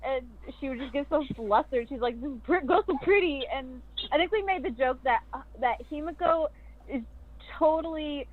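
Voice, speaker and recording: A woman's voice: sits high, normal speed. A voice actress guest chatting casually and bubbly, giggling and acting out her character's lines. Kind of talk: casual chat on a video call podcast. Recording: tinny phone-like remote audio.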